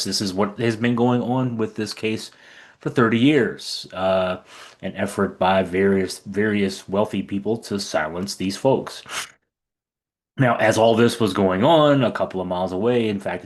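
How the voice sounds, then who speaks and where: A middle-aged man giving casual political commentary, chatty and sarcastic, with many fillers. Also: sits low.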